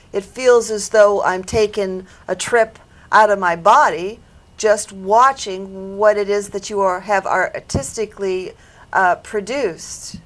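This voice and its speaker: A woman psychic on a studio panel, giving an earnest, reflective reading to an audience member and checking that it makes sense. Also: mid-range voice.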